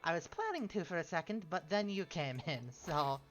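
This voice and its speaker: A woman with a British Isles accent streaming a strategy game, chatting to viewers, reading event text aloud and breaking into excited cries. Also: deep voice, normal speed. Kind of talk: casual game stream chat. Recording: dull lo-fi stream audio with faint music.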